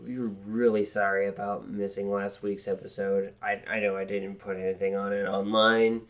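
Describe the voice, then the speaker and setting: A woman's voice: a bass voice, flat delivery, moderate pace. A woman co-hosting a podcast in casual chat, speaking hesitantly with frequent filler words, recorded in a newly moved-into apartment. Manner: apologetic, hesitant, many ums and likes. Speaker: podcast co-host.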